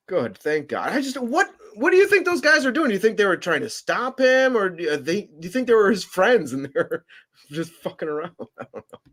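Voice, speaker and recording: A man's voice: high voice, sing-song, normal speed, a bit bright. A young man hosting a podcast, chatting casually in a rambling, profane, laughing way. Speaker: podcast host. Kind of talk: casual chat.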